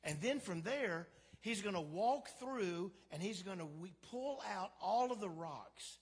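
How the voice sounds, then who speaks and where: A man's voice: high-pitched, animated, measured pace, husky. A man preaching a sermon as pastor, in a conversational, humorous way that acts out quotes. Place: church sanctuary. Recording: long hall reverb.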